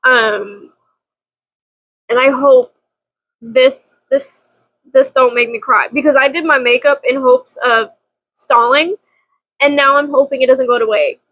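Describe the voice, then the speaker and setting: Young woman book vlogger, high-pitched, chatty and dramatic, frequent laughter. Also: steady tone, normal speed, pushed and bright, dry recording, rough recording. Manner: chatty, dramatic, laughs often, swears casually. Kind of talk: casual chat.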